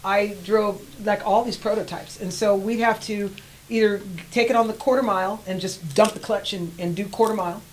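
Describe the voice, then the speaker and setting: Guest, woman in her 60s, mid-pitched voice, animated storyteller. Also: normal speed, slight background noise, low-quality recording. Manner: animated, laughs often, acts out quoted voices. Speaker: guest rider. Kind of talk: storytelling in a casual interview.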